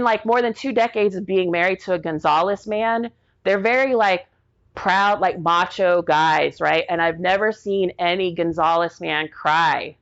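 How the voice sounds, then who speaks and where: Animated woman telling a story, lo-fi. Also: fairly low pitch. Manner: animated, acts out quotes, frequent "like" fillers. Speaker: guest. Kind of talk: personal storytelling. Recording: dull lo-fi audio.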